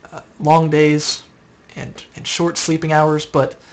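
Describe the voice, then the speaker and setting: A man's voice: fairly high pitch, level tone, slow pace. A tired young man streaming late at night, chatting casually and answering viewer questions as he rambles. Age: young adult. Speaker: live streamer answering chat.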